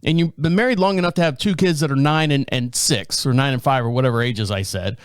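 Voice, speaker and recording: A male podcast host telling a story in a casual, animated way, chuckling and acting out what people said. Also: medium pitch, fast, clear, resonant tone, no room sound. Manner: animated, chuckling, acts out quotes.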